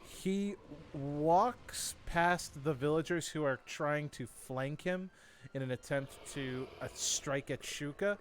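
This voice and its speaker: A man's voice: fairly high pitch, slow, slight background noise. A man narrating as dungeon master of a tabletop game, laid-back, thinking aloud and chuckling.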